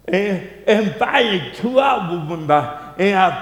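A man preaches with a high voice, telling a story at a slow, deliberate pace. He swings from loud outbursts to hushed tones. The sound rings around a large echoey hall. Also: lively intonation. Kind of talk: storytelling sermon.

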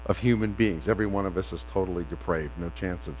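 A man pastor giving a sermon, telling a story in a conversational way with pauses. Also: deep voice, a little mellow, slight background noise. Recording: long reverb of a large hall.

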